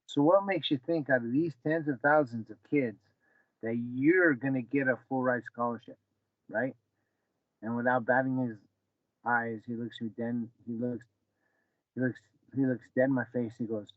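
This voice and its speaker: A man's voice: medium pitch, no echo. A man in his forties speaks casually, a former fighter and coach recounting his past. He slips into the voices of the people in his story. The recording sounds dull and dry, as if the room were padded. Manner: animated, acts out dialogue with his son.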